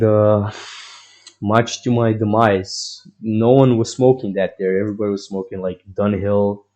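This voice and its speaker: Low, dark-voiced young man rambling. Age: young adult. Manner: rambling, profane, full of fillers and restarts. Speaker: vlogger. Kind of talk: rambling personal storytelling.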